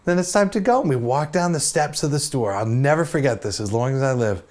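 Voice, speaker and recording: A man's voice: mid-range voice, lively intonation, fast talker, a little mellow. A man in his fifties telling a story to camera as host, chatty and self-deprecating, with many asides.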